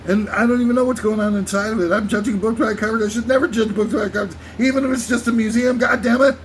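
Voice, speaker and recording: High-voiced man on a rambling comic rant. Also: fairly even intonation, rapid-fire, slight background noise. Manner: rambling, irreverent, swearing. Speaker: comedy list show host.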